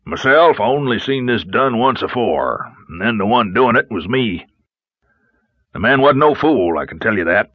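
A man voicing a gruff old backwoods mountain man who drawls in rough country grammar. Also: mid-range voice, very animated, moderate pace, dry recording, muffled recording. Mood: dry, teasing.

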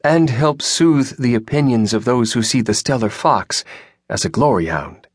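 A man voicing a calm, commanding admiral. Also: medium pitch, slightly rough, no echo, studio quality, pitched above the performer's own voice. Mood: measured. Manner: measured, apologetic yet firm.

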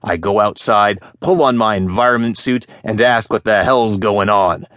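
A man's voice: lowish voice, moderate pace, a bit bright, no room sound, clean studio sound, natural voice. A man playing a boastful old pirate spinning yarns. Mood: storytelling. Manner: swaggering, dialect speech.

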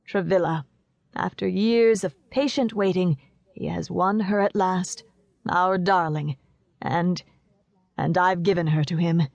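A woman voicing a middle-aged father who speaks low, sadly and in a measured way in an audiobook. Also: steady tone, vocal fry, a little mellow, dry recording, dull audio. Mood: grave.

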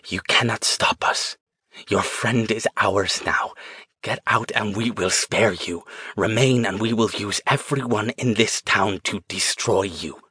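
A man voicing a rasping, whispering possessing spirit. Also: on the low side, a little slow, bright, forceful tone, no room sound, heavily acted. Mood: menacing whisper. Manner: menacing, taunting. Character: malevolent spirit possessing a young woman.

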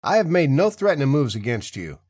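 A man voicing a calm, stubborn male logging contractor who talks dry and steady in an audiobook. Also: mid-range voice, fairly quick, breathy edge, no echo, voice pushed up.

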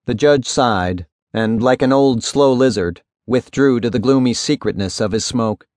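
A man narrating a literary novel in a measured, even storytelling voice. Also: medium pitch, dry recording, studio quality. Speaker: audiobook narrator.

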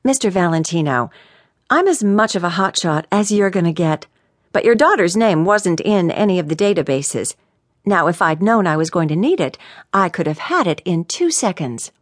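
A woman's voice: fairly low pitch, expressive, moderate pace, no echo, studio quality. A woman voicing a confident, cocky young woman who is a computer whiz. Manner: brash, confident.

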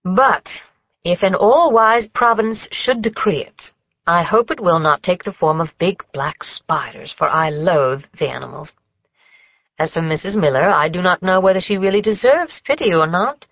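A woman's voice: fairly low pitch, expressive, normal speed, dry recording, muffled recording. A woman reading the part of a prim, gossipy older housekeeper who talks in long, formal ramblings. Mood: gossiping.

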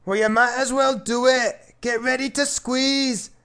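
A man's voice: very high-pitched, fairly even intonation, measured pace, bright, forceful tone, clean tone, exaggerated voice. A man voicing a boisterous storyteller with a put-on Scottish accent, reading a comic rhyming children's story in a hammy, playful way. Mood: storytelling.

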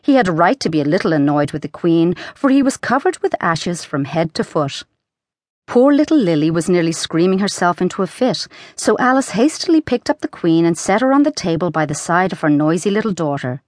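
A woman narrating a children's storybook audiobook in a lively, expressive reading. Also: lowish voice, brisk, no echo, studio quality.

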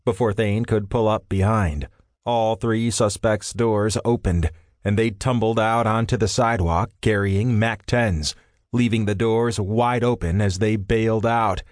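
Male audiobook narrator, measured, lowish voice, dry studio mic. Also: fairly even intonation, a little mellow, dry recording. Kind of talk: scripted narration. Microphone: studio microphone.

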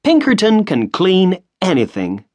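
A man's voice: on the high side, huge pitch swings, drawn-out words, no echo, voice pushed up, exaggerated voice. A man doing a brash, boastful young man. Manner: loud, boastful.

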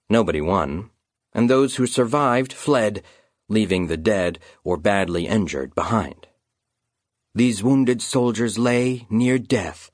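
A man reads a children's fantasy aloud with a lower, somewhat husky voice. His delivery swoops through a wide range of pitch, and he slows down for dramatic moments. The sound is close and dry. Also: dry recording. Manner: storytelling, dramatic slowdowns. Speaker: audiobook narrator. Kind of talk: scripted narration of a children's fantasy.

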